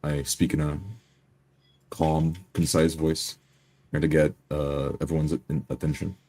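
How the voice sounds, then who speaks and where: A man with an extremely deep, dark voice playing a tabletop game. He describes his character's moves in a measured, slightly halting way. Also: flat delivery. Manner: measured, hesitant. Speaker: player. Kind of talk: tabletop role-play.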